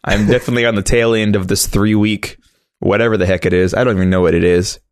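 A man's voice: lowish voice, fairly even intonation, fast, no room sound, clean studio sound. A man co-hosting a podcast, rambling and hesitant, getting over a cold with a cough. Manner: rambling, hesitant, self-deprecating. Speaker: podcast co-host. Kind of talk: casual podcast chat.

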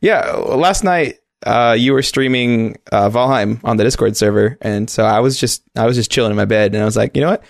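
A man's voice: mid-range voice, a little fast, creaky, few pauses, no room sound, clean studio sound. A man co-hosting a casual video game podcast while sick with a cold, rambling playfully and correcting himself as he goes. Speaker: podcast co-host.

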